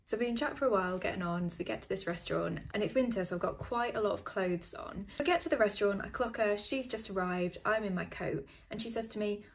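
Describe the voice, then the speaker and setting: A woman's voice: medium pitch, fast talker, few pauses. A British woman in her late twenties telling a casual storytime and acting out both sides of the talk. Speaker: storyteller in a TikTok clip.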